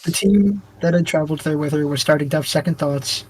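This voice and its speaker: A man co-hosting a podcast, retelling a video game's story in a loose, rambling way with quick mock voices and frequent laughs. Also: on the high side, crowd noise. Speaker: podcast co-host. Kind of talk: casual podcast chat.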